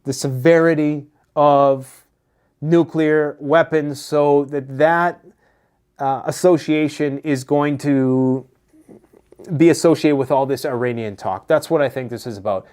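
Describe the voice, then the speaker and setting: A man's voice: a little high, unhurried, darkish tone, clean tone. A Canadian man giving casual political commentary on prepper news, blunt, sarcastic and profane. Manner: blunt, sarcastic, profane, mocking put-on voices.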